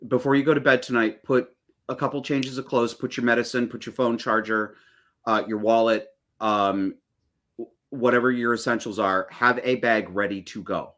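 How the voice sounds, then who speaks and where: A middle-aged man with a bright, forceful voice who rants bluntly and swears freely. He talks like a podcast guest in loose, casual chat, and his pitch sits in the middle for a man. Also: steady tone, moderate pace. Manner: blunt, profane, ranting.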